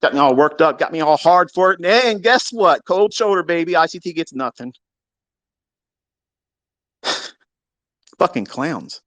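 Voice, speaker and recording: A man ranting crudely and mockingly as a trading educator, swinging from low mutters to loud outbursts. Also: expressive, unhurried, long pauses, dry recording. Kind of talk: profane rant.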